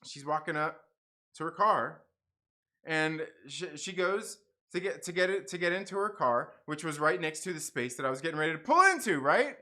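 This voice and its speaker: A man rambles through a story on his livestream, his voice bright and swinging up and down as he acts out each person. He repeats himself often and drops in casual swearing. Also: a little high, animated, normal speed. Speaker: channel host.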